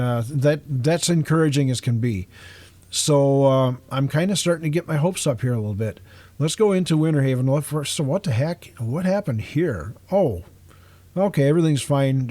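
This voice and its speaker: A man's voice: medium pitch, darkish tone, dry recording. Rambling man narrating a game tour. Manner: rambling, self-deprecating, frequent uhs and chuckles. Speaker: video game streamer. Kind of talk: casual gameplay walkthrough commentary.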